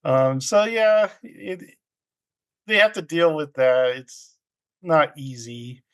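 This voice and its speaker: A man with a somewhat high voice recaps a film in an easy, rambling chat. He takes his time, laughs often and acts out the lines he quotes. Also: takes it slowly. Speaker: podcast co-host recapping a film. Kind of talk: casual chat.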